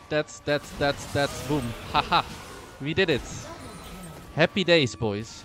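Guy streaming a game, slow easygoing talk, jokey, repeats himself, faint music behind. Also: on the high side, expressive, pushed and bright. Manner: playful, joking, repeats phrases. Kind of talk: casual gameplay commentary.

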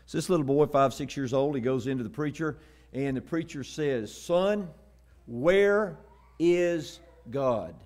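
Speaking a little fast in a darkish, mid-range voice, a middle-aged man from Texas delivers a sermon. Folksy, joking anecdotes give way to emphatic readings from the Bible.

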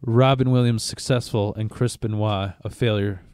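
A man's voice: on the low side, steady tone, normal speed, a little mellow, a little hiss or hum. A man co-hosting a casual podcast, telling crude stories and laughing at his own jokes. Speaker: podcast co-host.

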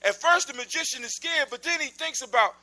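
Animated male storyteller, very high voice. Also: fairly quick, poor audio. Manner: animated, conversational, informal grammar. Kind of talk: casual oral storytelling.

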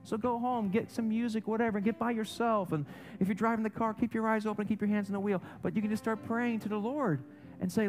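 A man pastor preaching a sermon, joking and animated, swinging between loud passages and soft ones, in a church. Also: high voice, fast talker, soft background music. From German and Italian heritage. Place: church sanctuary.

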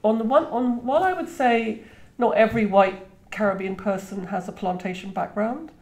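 A woman's voice: mid-range voice, normal speed, darkish tone. A woman in her fifties from Trinidad who speaks British English, talking reflectively as a guest author in an interview, with many restarts. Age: 50s. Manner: reflective, frequent "you know" and restarts. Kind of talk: conversational interview. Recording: roomy echo.

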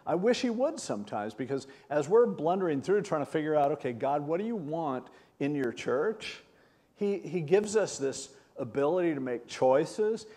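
Older male pastor in his sixties, relaxed conversational sermon delivery, lively when telling a story. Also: medium pitch. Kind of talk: sermon teaching.

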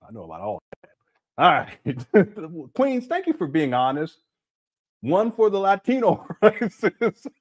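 A man's voice: high-pitched, wildly swooping pitch, unhurried. A man hosting a casual livestream, reading the chat aloud, laughing often and using slang as he calls his viewers family.

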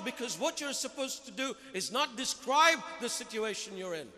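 A man's voice: very high voice, lively intonation, moderate pace, few pauses, bright, forceful tone. A man preaching a sermon, emphatic and putting rhetorical questions to his listeners. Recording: long reverb of a large hall.

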